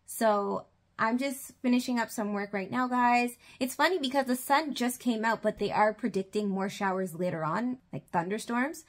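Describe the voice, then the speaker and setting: A woman, a family vlogger and mother, chatting casually to the camera and her kids, often saying "like" and "guys.". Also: mid-range voice.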